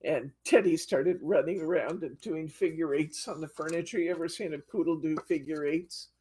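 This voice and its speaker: A woman's voice: sits low, moderate pace, mellow, husky. A woman leading a live-streamed card-making class, chatting and telling stories with frequent giggles. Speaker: craft class instructor.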